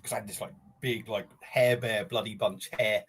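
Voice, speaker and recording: A man's voice: lowish voice, steady tone, normal speed, breathy edge. An older man, chatting casually on a live eating stream, breathless and rambling with his mouth burning from chilli, sweating and sniffling. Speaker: livestream host.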